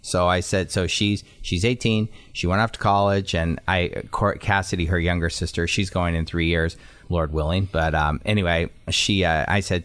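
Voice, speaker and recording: A man in his forties co-hosting a talk show, spinning family stories and playing the other voices in them. His voice is very deep, and the recording is dry and close. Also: moderate pace, dry recording. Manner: animated storyteller who acts out family voices. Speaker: co-host. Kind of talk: casual talk show storytelling.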